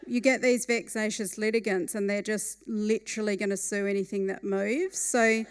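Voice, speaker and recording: A woman telling a funny true story at a live storytelling night, with a wry and lively manner. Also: mid-range voice, normal speed, clean tone.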